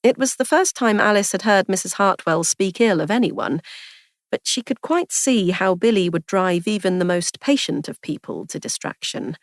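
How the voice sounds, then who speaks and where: A woman narrating a story aloud in an even, measured storytelling manner. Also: lowish voice, dry recording, clean studio sound. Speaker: audiobook narrator.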